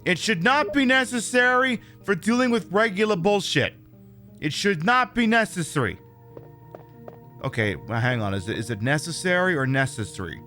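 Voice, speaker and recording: A man chats his way through a game stream in a rambling, self-mocking voice. His bright tone swings widely in pitch, and faint game music plays behind him. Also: very animated, moderate pace. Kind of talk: live gameplay commentary.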